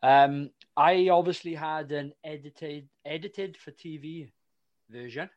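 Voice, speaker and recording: A man's voice: on the high side, slow pace, darkish tone, dull audio. A man hosting a casual film podcast, chatting enthusiastically with plenty of fillers and restarts. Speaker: podcast host.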